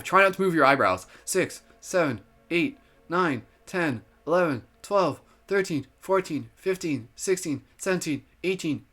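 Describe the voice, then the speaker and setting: Man, live meditation host, cheerful, laughing, chatty and rambling, slightly higher voice. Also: fairly bright tone. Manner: upbeat, giggly, filler-heavy with lots of "like". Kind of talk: live-streamed guided meditation.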